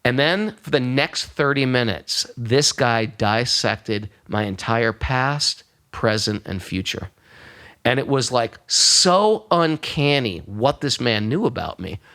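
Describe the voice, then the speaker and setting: New man, podcast guest, lively yarn-spinner who slips into characters, mid-pitched. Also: slow pace. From New York. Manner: animated storyteller who acts out voices. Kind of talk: storytelling in conversation.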